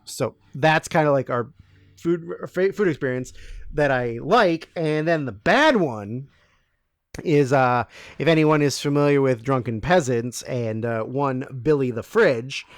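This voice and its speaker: A man's voice: mid-range voice, unhurried, no room sound, studio quality. A man in his thirties, co-hosting a podcast and answering listener questions in a rambling, profane, casual way. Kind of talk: casual Q&A chat.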